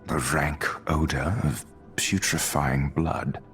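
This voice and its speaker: A grim, stern hero warrior. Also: male voice, extremely low pitch, fairly even intonation, a bit bright, faint music behind, full character voice. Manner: terse, stern, measured. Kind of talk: game cutscene voice acting.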